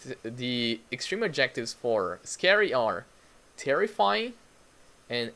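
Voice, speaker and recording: A man leads a live online English lesson, speaking slowly and patiently. His pitch moves a lot as he repeats new words for learners and greets viewers in the chat by name. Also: sing-song, sharp tone. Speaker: English teacher.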